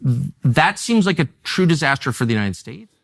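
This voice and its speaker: Middle-aged man, interviewer, pressing, accusatory, lively pitch. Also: moderate pace, vocal fry. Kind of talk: debate interview.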